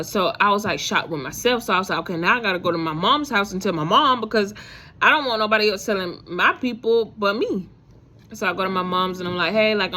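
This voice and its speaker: A woman's voice: mid-range voice, bright, forceful tone. A woman vlogger telling a faith story to her viewers in a casual, rambling way, full of fillers and restarts.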